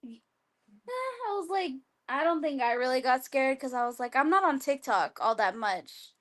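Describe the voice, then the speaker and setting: A woman's voice: high-pitched, very animated, normal speed, fairly bright tone. A woman guest on a video-call talk show, chatting casually with a lot of "like" fillers and frequent laughter. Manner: chatty, lots of "like", laughs often. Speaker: guest wrestler. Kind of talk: casual interview chat.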